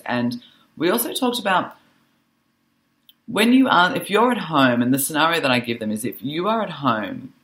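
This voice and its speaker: A woman social worker and author, a guest on a podcast, telling animated stories about teaching teenagers and laughing easily. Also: extremely low pitch. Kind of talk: conversational interview.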